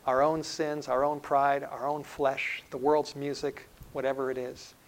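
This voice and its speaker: Earnest preacher man, rising and hushing. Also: medium pitch, little pitch movement, a little slow, slight background noise, low-quality recording. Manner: earnest, swells loud then drops to a hushed tone. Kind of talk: sermon.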